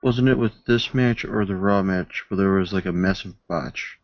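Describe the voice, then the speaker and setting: A man's voice: low-pitched, moderate pace, lo-fi sound. A man co-hosting a casual podcast, tossing in short teasing remarks. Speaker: podcast co-host. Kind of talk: casual chat.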